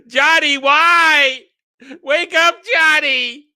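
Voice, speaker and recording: A man putting on a melodramatic film character for a few lines, high-pitched and strained. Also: smooth, heavily acted. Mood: pleading. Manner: strained shouting with a halting delivery.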